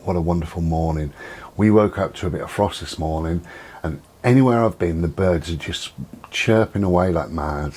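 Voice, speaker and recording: A man's voice: low voice, husky. A middle-aged man, chatting casually and rambling about his day at home. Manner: rambling, relaxed, chatty with many ums. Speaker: vlogger. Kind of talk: casual chat. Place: at home with door and window open.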